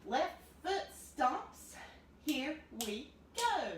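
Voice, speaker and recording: Lively woman teaching clog steps. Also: high voice, measured pace, far from the mic. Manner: upbeat, counts beats aloud while stomping. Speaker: clogging dance teacher. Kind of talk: demonstrating a dance lesson. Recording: roomy, from off the mic, noisy.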